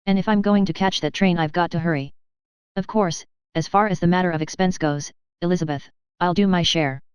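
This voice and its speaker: A woman voicing a grim, brisk middle-aged uncle in a storybook, gruff and hurried. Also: on the low side, no echo, muffled recording, close to an everyday voice.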